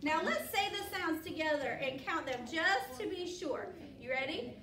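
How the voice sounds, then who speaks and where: A woman's voice: high voice, expressive, moderate pace, few pauses, a bit bright. A woman teaching young children a phonics lesson, patient and encouraging, asking questions and waiting for answers. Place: classroom. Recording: echoey classroom from far off.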